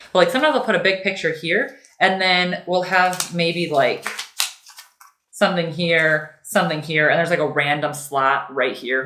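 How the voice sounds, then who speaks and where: A young woman talks her way through a home craft project in a loose, chatty, easily distracted way. Her voice sits a little low, and the room around her rings with echo, as if caught on a camera mic. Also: fairly bright tone. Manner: rambling, easily sidetracked, talks to her cat in a high baby voice. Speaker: lifestyle vlogger. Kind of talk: casual chatty craft tutorial.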